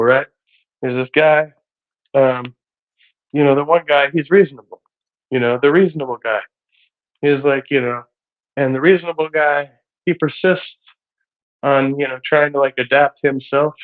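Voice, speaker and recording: A man streaming live, rambling casually with lots of hesitant fillers and a slightly breathless voice. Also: medium pitch. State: a bit out of breath. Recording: tinny phone-like audio.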